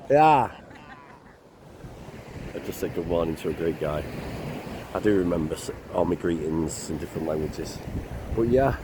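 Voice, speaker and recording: An older man with a blocked nose, talking slowly and plainly in a casual travel vlog by the sea. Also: deep voice. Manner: slow, rambling, plain-spoken. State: congested, bunged up. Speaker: vlogger. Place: outdoors by the sea. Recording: noisy outdoor recording.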